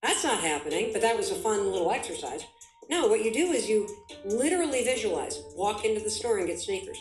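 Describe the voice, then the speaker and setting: A woman's voice: medium pitch, sing-song, a little fast, roomy sound, soft background music, low-quality recording. A woman giving an emphatic motivational talk as a guest, full of vivid examples. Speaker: guest speaker.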